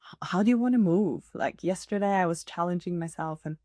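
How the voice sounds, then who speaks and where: A woman's voice: fairly low pitch, brisk, dark tone, no room sound, studio quality. A woman hosting a podcast on her own, talking earnestly and encouragingly in a casual way with frequent laughs. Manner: earnest, encouraging, laughs often, many fillers. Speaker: podcast host. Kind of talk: casual solo podcast talk.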